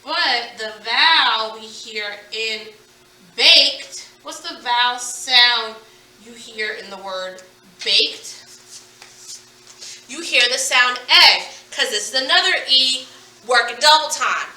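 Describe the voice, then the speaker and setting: A woman with a slightly high, sharp voice teaches a phonics lesson slowly, playfully stretching and over-enunciating the target sounds in each word. She's distant from the mic in an echoey room.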